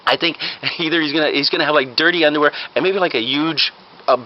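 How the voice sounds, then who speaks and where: A man's voice: a little high, fast. A man casually telling a rambling prank idea, chuckling as he goes and tagging lines with "right?". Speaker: comedic storyteller. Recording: slightly muffled with faint hiss.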